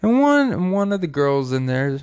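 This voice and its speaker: A male podcast host tells comic scenarios in a rambling, profane manner. His voice sits fairly high and sounds smooth and clean, with plenty of filler pauses. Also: sing-song, a little mellow. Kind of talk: comic storytelling.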